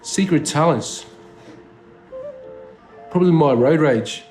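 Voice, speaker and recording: A man's voice: fairly high pitch, slow, a little mellow, faint music behind. An Australian man talking as a rapper guest in a casual interview, laid-back and slangy, swearing freely and leaning on lots of fillers. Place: indoor studio.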